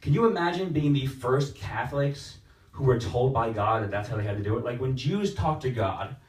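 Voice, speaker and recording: Young male stand-up, deadpan storyteller with exaggerated voices, small room, distant phone mic. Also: mid-range voice, moderate pace. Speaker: stand-up comedian. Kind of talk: stand-up set. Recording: roomy, distant phone livestream.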